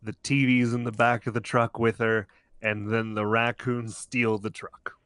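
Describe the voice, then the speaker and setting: A podcast co-host with a mid-range, fairly bright, clear and resonant voice casually recaps a cartoon episode at a measured pace and with flat delivery. He rambles, restarts, and explains things in detail. The sound is clean studio audio with no room sound.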